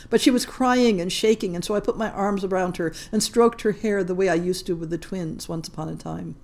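A woman narrating a short story in a measured, gentle storytelling voice. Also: lowish voice. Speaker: podcast story reader. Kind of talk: scripted narration.

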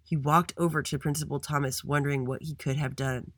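A man reading a children's story aloud with an expressive delivery. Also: fairly high pitch, brisk, dry recording, studio quality.

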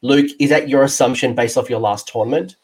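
A man's voice: medium pitch, fairly quick, breathy edge. Chatty Australian man hosting. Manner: chatty, jokey, excitable. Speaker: podcast host and tabletop game coach. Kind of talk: casual chat.

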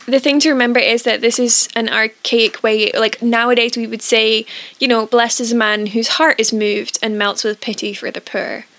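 A woman co-hosting a casual podcast, gentle and thoughtful, a little hesitant as she explains. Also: on the high side, little pitch movement, normal speed. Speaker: podcast co-host. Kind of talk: casual chat with read-aloud hymn verses.

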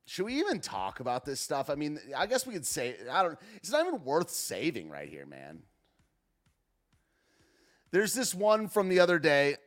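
A man's voice: on the high side, huge pitch swings, moderate pace. A man rambling through casual live commentary with many fillers and restarts. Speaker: political commentary streamer.

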